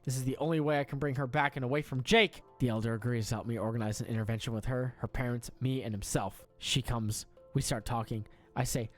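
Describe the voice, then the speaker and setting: Deadpan male reader of internet stories, faint music bed. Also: medium pitch, fast, few pauses. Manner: deadpan, breaks into laughter. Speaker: story reader. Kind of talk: reading an online story aloud.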